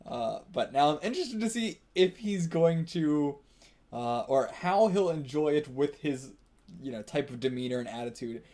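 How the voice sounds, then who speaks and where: A man's voice: on the high side, expressive, normal speed, warm tone. A man hosting a live manga reaction, reading along and thinking aloud casually, laughing often and swearing now and then. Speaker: manga reaction channel host.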